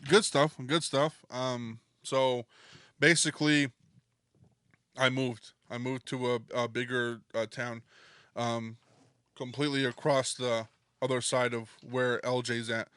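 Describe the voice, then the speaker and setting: A man co-hosting a casual podcast, laid-back and loose, cursing easily and leaning on ums and uhs. His voice sits at a middle pitch and sounds dry and close, with no room around it. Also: flat delivery, measured pace, a bit bright, clean tone, no echo. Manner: laid-back, swears freely, many fillers. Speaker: podcast co-host. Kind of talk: casual chat.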